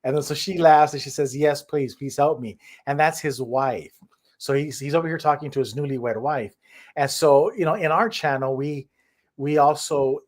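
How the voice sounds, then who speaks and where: Fired-up guy co-hosting a stream, kinda high voice, keeps repeating himself. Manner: emphatic, heated, repeats himself. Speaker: co-host. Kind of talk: casual chat.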